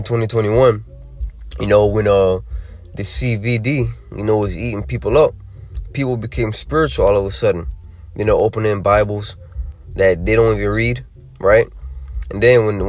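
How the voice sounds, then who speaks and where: Deep-voiced man preaching with drawling asides. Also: darkish tone. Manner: drawling, many fillers and tag questions. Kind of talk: scripture teaching.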